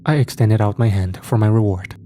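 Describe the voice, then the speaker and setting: Man, horror story narration, low pitch, dark mellow tone, steady delivery. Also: fairly quick, slight background noise.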